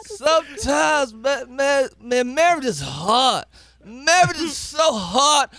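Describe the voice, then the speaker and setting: Man impersonating an exasperated male comic: slow, loud, bright-edged rant. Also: very high-pitched, lively intonation, dry recording, pitched above the performer's own voice, heavily acted. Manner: slow drawn-out repetitive ranting, punchy and loud.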